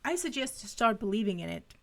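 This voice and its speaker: A woman voicing a defiant, blunt teenage girl vampire slayer, speaking loudly and emphatically. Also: medium pitch, sing-song, a little fast, creaky. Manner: loud and emphatic.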